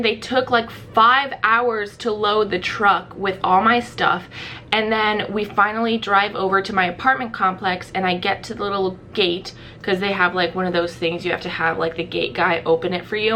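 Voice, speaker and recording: A young woman from Ohio tells a story straight to camera. Her voice is bright and sharp, and her pitch sits in the middle of the range. She tells it with animation and acts out the voices of the people she quotes. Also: moderate pace, a little hiss or hum. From Ohio, USA. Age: young adult. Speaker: vlogger. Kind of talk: storytime vlog.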